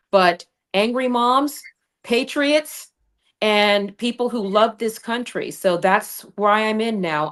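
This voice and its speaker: A woman's voice: medium pitch, fairly bright tone. A woman running for Congress, a guest on a livestream, telling her story in a fiery, combative way. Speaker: congressional candidate. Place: home studio over streaming video call. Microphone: remote streaming mic.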